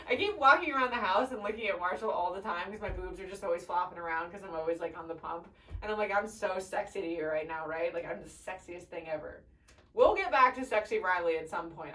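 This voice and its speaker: Young woman, casual podcast talk, candid, emotional, lowish voice, a bit off-mic. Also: fairly bright tone, distant mic, poor audio. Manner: emotional, candid, swearing, tearful at times. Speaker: podcast host. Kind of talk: casual personal chat.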